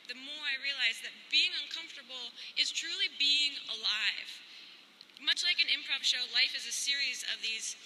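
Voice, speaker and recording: Bright high-voiced young woman giving a jokey speech. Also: slight background noise, rough recording. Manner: playful, self-deprecating humor. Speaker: commencement speaker. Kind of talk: comedic commencement speech.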